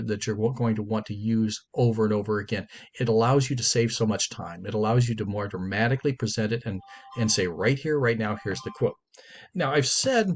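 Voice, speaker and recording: A man teaching a writing class, lecturing in a conversational way and repeating and stressing his key points. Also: lowish voice.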